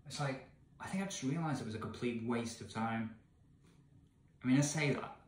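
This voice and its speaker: An English man in his thirties, ranting in disbelief to the camera, swinging between loud outbursts and muttered asides. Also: medium pitch, normal speed, roomy sound. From England. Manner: incredulous, ranting, swings from shouting to mumbling. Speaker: vlogger reading a gamebook. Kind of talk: exasperated rant to camera. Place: indoor room with candles, away from home.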